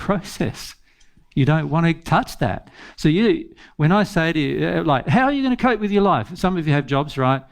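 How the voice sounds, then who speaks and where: A man's voice: mid-range voice, vocal fry. A man giving an informal spiritual teaching talk, earnest, repeating phrases and laughing often.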